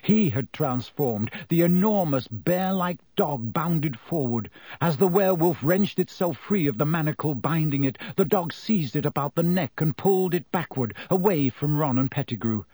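A man reading an audiobook aloud as narrator, with dramatic shifts between slow and quick delivery. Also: fairly high pitch, animated, warm tone, no room sound. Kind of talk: scripted narration.

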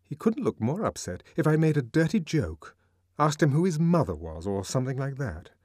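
A man's voice: mid-range voice, very animated, moderate pace, a little mellow, no room sound, studio quality, voice pushed up. A man voicing a breezy, coaxing young woman.

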